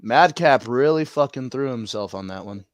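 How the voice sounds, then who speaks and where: A man co-hosting a live wrestling watch-along, excitable and swearing freely. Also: mid-range voice, normal speed, dry recording. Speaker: podcast co-host.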